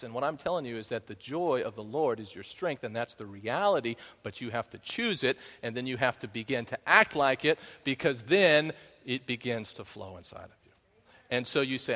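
A man's voice: medium pitch, normal speed, a bit bright. A man giving a conversational sermon as a pastor, often asking the congregation "right?" and breaking into bits of song. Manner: conversational, keeps asking "right?", sings snatches of songs. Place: church sanctuary. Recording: long hall reverb.

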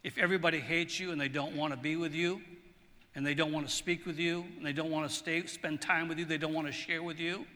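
A man preaching a sermon in a large church hall, telling stories in a relaxed, chatty way and often repeating words. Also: a little high, quick pace. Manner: conversational, storytelling, repeats words. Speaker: pastor. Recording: long hall reverb.

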